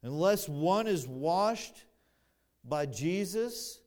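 Here a pastor works through an expository sermon with a somewhat high, expressive voice. The delivery is unhurried and measured, swelling louder on key phrases, punctuated by dry comments aimed at the congregation.

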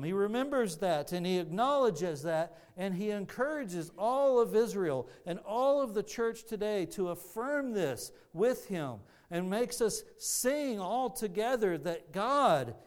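A man's voice: sits high, animated, measured pace, few pauses, a little mellow. A man preaching a sermon, earnest and teaching, often restarting his phrases. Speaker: pastor.

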